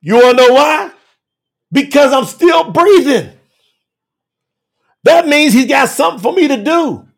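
A man preaching a sermon with emphasis, moving between shouted lines and quiet low asides. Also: lively intonation, unhurried, creaky, long pauses.

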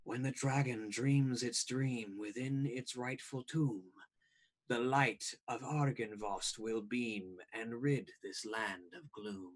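A man doing a slow, hushed spirit voice. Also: mid-range voice. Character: mysterious disembodied whispering spirit voice.

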